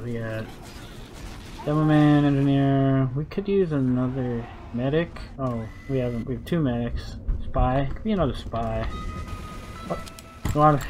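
A young man giving jittery, self-mocking commentary while playing a game, with excitable outbursts. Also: medium pitch, slight background noise. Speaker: gaming video creator. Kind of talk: live gameplay commentary.

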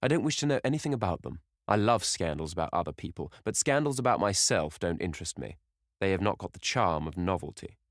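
A man voicing a vain, bored young gentleman who speaks in a languid, petulant way, lifting his voice above his own low register. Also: lively intonation, fast talker, no echo, clean studio sound.

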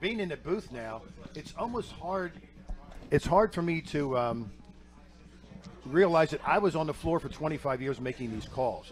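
A man, a retired basketball referee, talking casually on a sports radio panel with many restarts. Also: mid-range voice. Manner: halting, restarts often.

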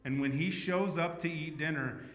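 A man delivers a sermon as pastor, his bright, ringing voice sitting a little high. He shifts between emphatic, raised lines and hushed asides. The sound is roomy, with a long hall reverb trailing behind him. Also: moderate pace, muffled recording. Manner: conversational preaching, swings between emphatic and hushed. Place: church sanctuary. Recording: echoey church hall.

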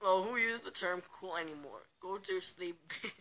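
A woman's voice: on the low side, normal speed, slight background noise. A young woman reading out comments on her channel, giggling and swearing as she reacts. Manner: giggly, swearing, bursts into loud laughter. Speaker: channel owner. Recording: faint music behind.

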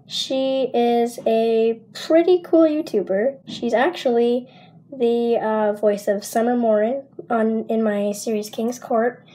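Slow-talking giggly woman, voice a bit sick. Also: on the high side, warm tone, rough recording. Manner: giggly and chatty, many fillers. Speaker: video reaction host. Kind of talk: casual chat to viewers.

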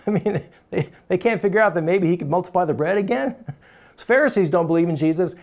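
A pastor gives a sermon in an easy, talking-to-you manner, pressing hard on key points. The voice sits at an ordinary middle pitch, and light chuckles slip into the flow. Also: brisk, darkish tone. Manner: conversational, emphatic, chuckles often.

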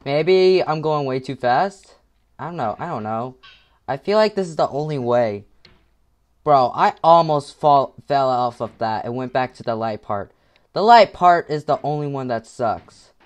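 A man giving gameplay commentary with headphones on, muttering to himself and swinging into frustrated yelling. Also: mid-range voice, expressive, a little slow. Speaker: gaming video creator.

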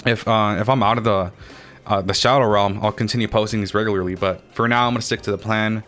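A man's voice: lowish voice, fairly even intonation, fast talker, a bit bright, soft background music. A man doing gameplay commentary as a channel host, ranting and swearing in frustration at his teammates.

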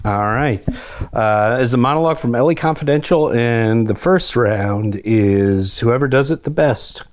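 A man's voice: medium pitch, measured pace. A man hosting a comedy podcast, running acting games in a laid-back way. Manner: laid-back, game-show style prompts. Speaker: podcast host. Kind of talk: casual comedy podcast chat.

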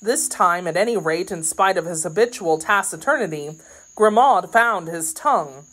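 A woman reading a classic novel aloud as an audiobook narrator, in steady, even storytelling. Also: lowish voice, moderate pace, poor audio. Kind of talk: scripted narration.

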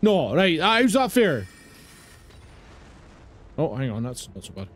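A man's voice: on the high side, huge pitch swings, measured pace. A man with a British accent doing live gameplay commentary, swearing and ranting at the game in exasperation. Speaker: streamer.

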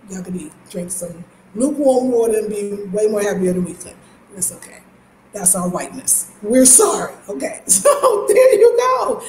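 Animated African American woman in her fifties. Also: medium pitch, roomy sound, a little hiss or hum, poor audio. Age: 50s. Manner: animated storytelling, emphatic, laughs and swears freely. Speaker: lifestyle channel host. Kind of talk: casual monologue.

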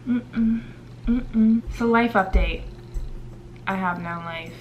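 A woman's voice: fairly high pitch, slow pace, muffled recording, a little hiss or hum. A young woman vlogging casually to the camera, rambling and chatty with lots of fillers while doing her makeup at home. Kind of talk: casual vlog chat.

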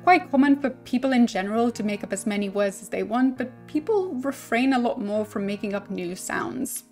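A woman who is not American, a linguist, reading a scripted explainer in a clear, measured, lightly humorous way. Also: fairly high pitch. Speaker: linguist presenting a video essay.

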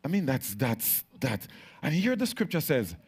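A man preaching a sermon as pastor, swinging from quiet drawn-out lines to loud excited bursts. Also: medium pitch, husky.

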